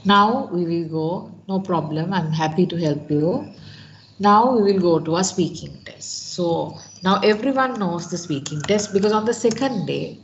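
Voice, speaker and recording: A woman's voice: fairly low pitch, unhurried, muffled recording, slight background noise. Sri Lankan woman teaching an exam class. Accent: Sri Lankan English. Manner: instructive, checks in with frequent "right?". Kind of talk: online class lecture.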